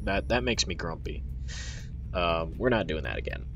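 A man's voice: low-pitched, expressive, moderate pace, a bit bright, faint music behind. A man hosting a video game playthrough, talking casually in a goofy, rambling way with mock-grand announcements. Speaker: let's play host. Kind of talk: casual gameplay commentary.

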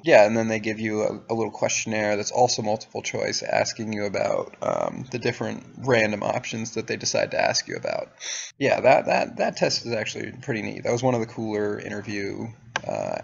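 A man's voice: fairly low pitch, creaky, lo-fi sound, slight background noise. A young man telling a story to camera in a casual, profane, sardonic way. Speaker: vlogger.

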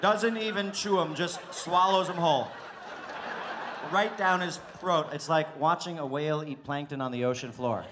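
A man's voice: a little high, normal speed, background noise. A male stand-up comedian telling a story on stage, teasing his partner with exaggerated detail. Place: stage before a live audience.

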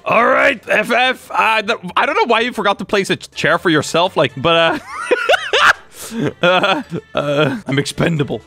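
Young male gaming host with a high voice, loud excitable play-by-play, quick laughs and sudden shouts, music playing underneath. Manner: loud, laughing, exclamatory, swings between hushed and shouting. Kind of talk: excited gameplay commentary.

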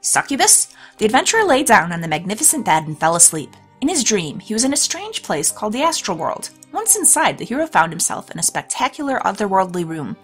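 A woman's voice: mid-range voice, very animated, brisk, hardly any pauses, fairly bright tone, soft background music. A woman hosting a let's play, reading a storybook game aloud with chatty, laughing asides. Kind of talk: let's play narration and commentary.

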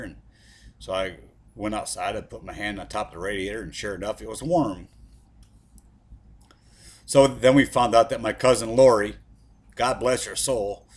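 A man's voice: fairly low pitch, fairly even intonation, moderate pace. A middle-aged man telling a comic story about his past in a rambling, profane way, full of asides.

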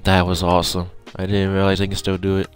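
A man playing an online game with a friend, excitable, taunting opponents and laughing. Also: deep voice, fast, faint music behind. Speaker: gamer streamer. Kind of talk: casual gaming chat.

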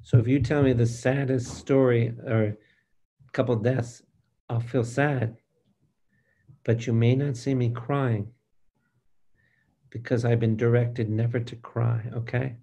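An older man, a priest, preaching a Bible study slowly and emphatically, speaking straight to his listeners and asking them for amens. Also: mid-range voice, steady tone, creaky, warm tone. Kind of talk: preaching to a live group.

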